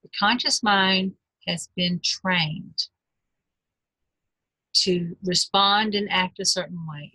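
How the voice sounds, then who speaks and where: A woman in her fifties, a life coach giving a webinar, earnest and gentle, speaking straight to her listeners. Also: fairly low pitch, dry recording, poor audio.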